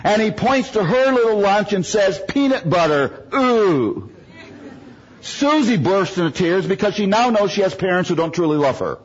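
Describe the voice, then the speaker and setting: A man's voice: high voice, a little fast, hardly any pauses, breathy edge, lo-fi sound, a faint crowd. A man from the United States preaching a sermon, telling humorous stories and making self-mocking jokes.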